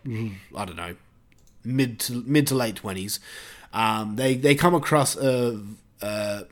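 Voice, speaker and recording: A man's voice: mid-range voice, slow pace. Rambling male movie podcast host. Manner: rambling, full of fillers and restarts. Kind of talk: casual movie review chat.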